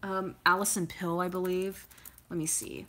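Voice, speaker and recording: A woman's voice: lowish voice, fairly even intonation, normal speed, pushed and bright. A woman from California chatting casually as she answers viewer comments, rambling with lots of filler words and laughing often. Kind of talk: casual chat.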